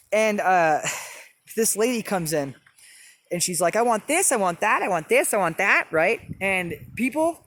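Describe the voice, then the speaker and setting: A young man earnestly recounting personal experiences in an animated, casual way. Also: sits high. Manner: earnest, animated, with quick bursts. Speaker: storyteller. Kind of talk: personal testimony.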